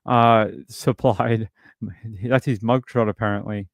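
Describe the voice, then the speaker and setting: A man's voice: medium pitch, fairly even intonation, slow, no room sound, studio quality. A British man hosting a true crime livestream, talking casually and reading out chat messages. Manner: rambling, reads chat aloud. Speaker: streamer host.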